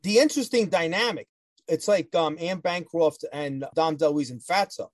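A man from New Jersey with a Jersey accent, co-hosting a podcast in an animated, joking, argumentative way. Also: a little high, moderate pace, no room sound. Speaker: podcast co-host. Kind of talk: casual podcast chat.

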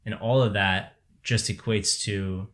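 Deep, monotone man co-host, measured and thoughtful. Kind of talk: casual chat.

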